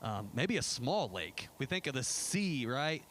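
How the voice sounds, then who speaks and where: A man's voice: mid-range voice, very animated, unhurried, a bit bright, slight background noise. A man giving a casual church presentation about a trip, chatty and enthusiastic, with many fillers and restarts. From United States. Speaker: pastor. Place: church sanctuary.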